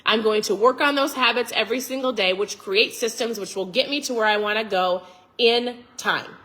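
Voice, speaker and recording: A woman delivers a motivational vlog talk with an emphatic, preachy drive. Her voice is bright and forceful, sitting a little high. She sounds fired up, close to yelling, as she pushes viewers to act. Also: moderate pace. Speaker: vlogger.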